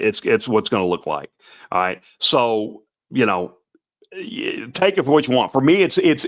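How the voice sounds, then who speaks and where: A man with a slightly raspy voice hosting a live stream, talking in a folksy, rambling way and often restarting his sentences. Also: lowish voice. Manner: folksy and rambling, with many restarts, calling viewers brother and guys. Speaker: host of a Santa performer show. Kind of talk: casual live-stream chat.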